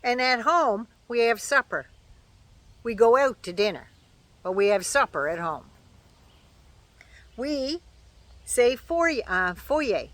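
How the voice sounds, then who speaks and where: A woman's voice: a little high, fairly bright tone, no room sound. An older woman chatting casually to camera outdoors at home, folksy and opinionated with dry asides. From Canada. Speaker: vlogger.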